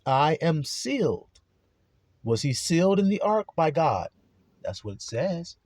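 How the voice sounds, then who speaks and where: A man's voice: on the high side, big pitch swings, unhurried, darkish tone, dry recording. A man preaching a blunt, profane religious monologue with heavy cursing. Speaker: religious speaker.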